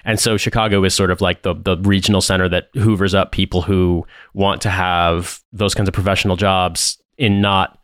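An American man hosting a podcast, chatting casually and rambling with quick self-corrections. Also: low-pitched, little pitch movement, fairly bright tone, dry recording, studio quality. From Indianapolis, USA. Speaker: podcast host. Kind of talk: casual chat.

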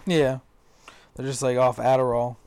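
A man's voice: mid-range voice, level tone, measured pace, a little mellow, clean tone, dry recording. A young man co-hosting a podcast, talking bluntly and profanely in casual chat. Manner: blunt, profane, exasperated ranting. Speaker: podcast co-host.

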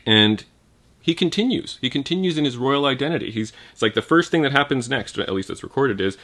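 A man's voice: medium pitch, lively intonation, a little fast, a bit bright. A man giving an informal Bible teaching, thinking aloud with restarts and asking his listeners "right?".

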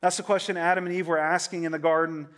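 High-voiced man preaching a casual sermon. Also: flat delivery, fast, a bit bright. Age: 30s. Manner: conversational, joking, asks the crowd "right?". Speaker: pastor.

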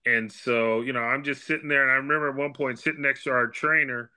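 Guest, man in his fifties, sharp and bright tone, chatty animated storyteller. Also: medium pitch, fast talker, clear, resonant tone. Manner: animated storyteller, acts out quoted dialogue. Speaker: guest, baseball scout and former player. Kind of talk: casual storytelling interview.

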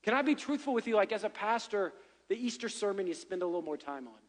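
A man's voice: high voice, big pitch swings, fast talker, in a large hall. A middle-aged man preaching as a pastor, chatty and joking, often checking in with "right?". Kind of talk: sermon. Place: church sanctuary.

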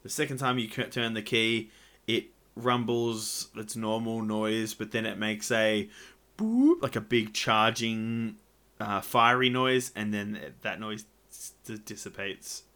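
A man narrating a tabletop game as game master in a casual manner with quick asides. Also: lowish voice, pushed and bright.

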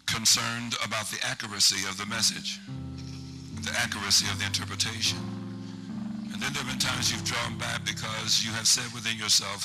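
A man's voice: on the low side, flat delivery, brisk, rough recording. A man preaching a sermon and praying prophetic declarations over people, speaking in tongues at times. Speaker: pastor. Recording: church service with loud music behind. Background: loud organ or keyboard music.

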